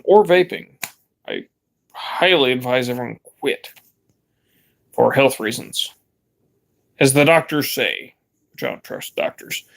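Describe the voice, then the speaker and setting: A man's voice: mid-range voice, creaky, a bit bright. A young man vlogging in a rambling, laid-back way, swearing casually as he chats. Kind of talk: casual vlog chat.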